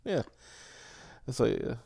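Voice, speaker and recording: A man's voice: unhurried, dark tone. A man co-hosting a livestream, ranting casually and profanely with exasperation while reading tweets aloud. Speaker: stream co-host.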